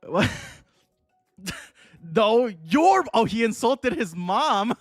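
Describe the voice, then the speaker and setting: A young adult man streams a game in casual, excitable commentary, swearing and laughing often. His voice sits high. The sound is dry and close, with faint music in the background. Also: takes it slowly, dry recording.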